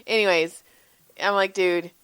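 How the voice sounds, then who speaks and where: A woman, telling stories in a casual podcast chat, animated and laughing, often swearing and acting out what people said. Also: lowish voice, measured pace, clean tone, dry recording. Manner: animated, laughing, swearing freely, acts out quotes. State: tired. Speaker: podcast co-host, massage therapist.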